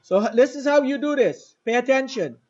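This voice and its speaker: A man teaching an Arabic lesson to a class, drilling phrases slowly and having students repeat. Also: very high-pitched, animated, a little mellow, lo-fi sound. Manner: slow, deliberate drilling with repetition to the class. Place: mosque classroom.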